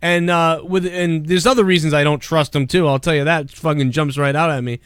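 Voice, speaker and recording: Man, stream host, heated profane ranting, slightly high voice, dry sound. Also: fairly even intonation, a little fast, clear, resonant tone, dry recording. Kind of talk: casual profane stream chat.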